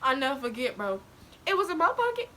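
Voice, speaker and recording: Young woman vlogger, high and very lively voice, laughs a lot and nearly cries as she tells her story. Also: fast talker, noisy background. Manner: animated, laughing often, swings into near-crying. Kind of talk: casual storytelling to viewers.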